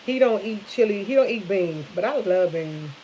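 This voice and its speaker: Cooking in her kitchen with a soft sizzle in the background, this fifty-something vlogger chats casually, spinning lively stories, laughing, and addressing her audience as "y'all." Her pitch is medium and her pace normal, while the audio sounds dull with some background noise.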